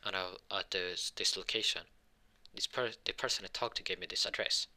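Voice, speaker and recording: A polite, eager young hero student who answers with small hesitations, as a man puts him on. The voice is low with a sharp, tense brightness, in the unpolished style of a homemade fan story. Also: fairly even intonation, fairly quick.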